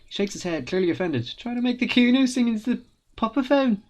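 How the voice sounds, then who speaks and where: A woman narrating a video game as she plays, reading its text aloud. Her reading voice is calm and wry, with a lively rise and fall. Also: a little high, fast talker. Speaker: let's play narrator.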